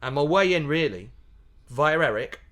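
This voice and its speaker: Guesting in a relaxed interview, a Yorkshire pantomime comedian laughs a lot, stays animated, and keeps starting his sentences over. He speaks at a moderate pace with a slightly high pitch.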